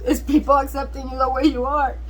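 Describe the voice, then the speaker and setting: A woman giving a tarot reading to camera, emotional and earnest, often laughing softly and near tears as she repeats phrases. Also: high-pitched, flat delivery, fairly quick, low-quality recording. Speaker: tarot reader.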